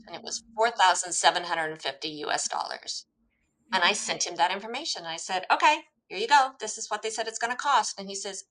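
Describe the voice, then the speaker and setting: Poor audio captures a lowish-voiced woman from the United States sharing her own story as a guest in a relaxed talk. She's animated, performs the quoted lines, and laughs at herself.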